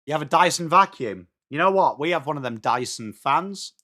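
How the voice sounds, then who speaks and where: Hosting a live fan watchalong, this young northern English man has a fairly high pitch and talks at normal speed. He calls the play, reads chat, and eagerly banters with viewers by name.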